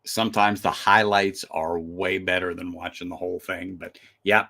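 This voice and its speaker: A man's voice: deep voice, little pitch movement, normal speed, sharp tone. A man hosting a live stream, reviewing a whiskey in casual, chatty talk full of restarts and fillers.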